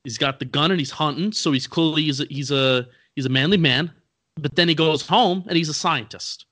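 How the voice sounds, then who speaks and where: A man's voice: on the high side, fairly quick, fairly bright tone. A man co-hosting a podcast, rambling casually and poking fun at himself. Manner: rambling, self-deprecating. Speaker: podcast co-host. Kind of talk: casual chat.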